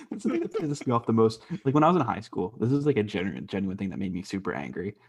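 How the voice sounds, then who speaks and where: This young podcast co-host grew up half Mexican in the US, and his voice is lowish, creaky, slightly mellow and husky. Very animated and quick, he rambles through stories on a casual show, laughing often and swearing plenty.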